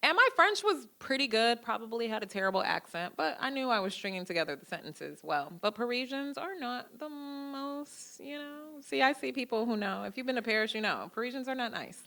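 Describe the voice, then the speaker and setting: Bright-voiced woman telling lively stories. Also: fairly high pitch, a little fast, creaky, hardly any pauses. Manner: lively storytelling, acting out quoted dialogue. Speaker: guest lecturer. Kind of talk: public lecture with personal stories. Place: lecture hall.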